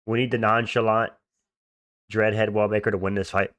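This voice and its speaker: A man's voice: lowish voice, level tone, normal speed, fairly bright tone, no echo. A young man hosting a livestream, chatting casually and answering viewer comments in slangy, offhand talk. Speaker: livestream host.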